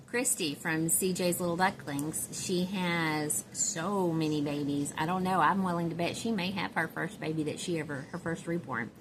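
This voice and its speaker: Southern woman vlogger, middle-aged, lowish voice, rambling and giggly, faint hiss. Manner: chatty, rambling, giggly, many fillers. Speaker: doll collector vlogger. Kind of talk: casual chat to camera.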